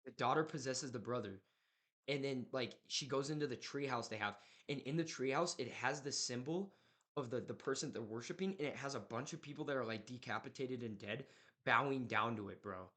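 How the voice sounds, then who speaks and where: A man's voice: mid-range voice, brisk, fairly bright tone. Rambling young man retelling a movie. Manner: rambling, full of "like" and "right?", slangy. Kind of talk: casual chat retelling a horror movie.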